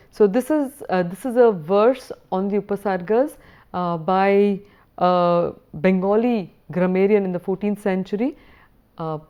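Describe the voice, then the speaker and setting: A woman lecturer giving a recorded university lesson, explaining patiently and reading verse slowly. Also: medium pitch, dark tone.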